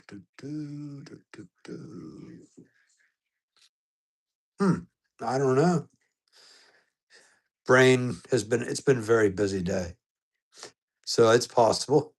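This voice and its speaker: Man chatting with his live-stream viewers. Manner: upbeat greetings that jump high in pitch, softer and lower when serious. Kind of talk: casual live-stream chat greeting viewers.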